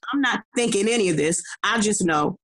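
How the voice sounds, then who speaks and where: A middle-aged woman evangelist recounts her testimony with an average-pitched voice and a forceful, emphatic delivery. She stumbles and restarts often, repeating words as she goes. She keeps turning to her listeners with a quick "okay?". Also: lively intonation. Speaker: evangelist guest. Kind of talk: personal testimony storytelling.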